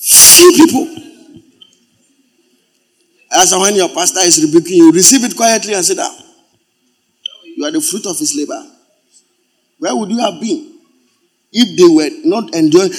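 A man preaching a sermon as pastor, swinging from loud exclamations to quiet asides. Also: sits high, animated, brisk, pauses often, husky.

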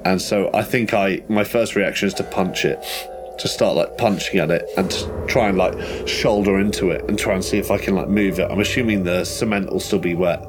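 A man playing a tabletop horror game, talking excitedly and ramblingly through his character's actions, with some swearing. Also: sits low, brisk, music in the background. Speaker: player.

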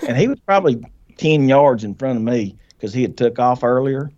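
A man telling a hunting story as a podcast guest, animated and folksy, laughing often and acting out what people said. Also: medium pitch, brisk, muffled recording. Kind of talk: casual storytelling.

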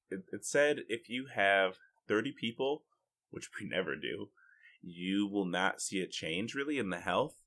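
A man co-hosting a gaming podcast, telling stories in an animated, jokey way. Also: sits low. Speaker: podcast co-host. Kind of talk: casual chat.

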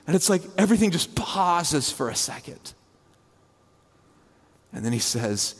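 A male pastor preaching a conversational sermon full of fillers, dropping to a hushed low voice and rising high again as he retells a scene. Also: animated, moderate pace, long reverb tail. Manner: conversational, imaginative storytelling with many fillers; swings between hushed low and raised high delivery.

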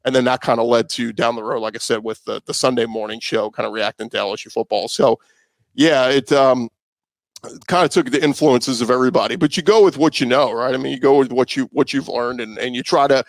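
A man's voice: mid-range voice, brisk, creaky, no room sound. A man who works as a sports radio host, talking casually in an interview, loose and conversational with many fillers and restarts.

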